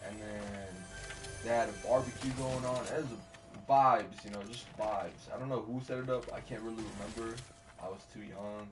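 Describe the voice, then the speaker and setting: A man's voice: fairly low pitch, steady tone, moderate pace, over music. Rambling slangy male streamer, distant mic. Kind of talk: casual storytelling while gaming. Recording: distant mic with faint noise.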